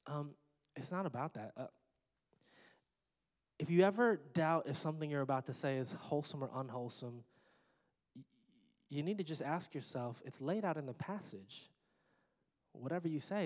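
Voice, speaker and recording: The voice is fairly high and a little mellow: a middle-aged pastor giving a sermon in a church sanctuary. He speaks conversationally, throwing in joking asides to the congregation, and a long hall reverb fills the space.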